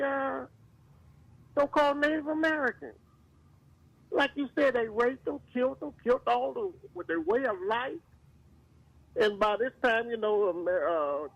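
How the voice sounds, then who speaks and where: Fervent high-voiced man with a gravelly rasp. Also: fairly bright tone, no echo, muffled recording. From Louisiana. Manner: fervent, preacherly, draws out words for emphasis. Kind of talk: impassioned talk radio commentary.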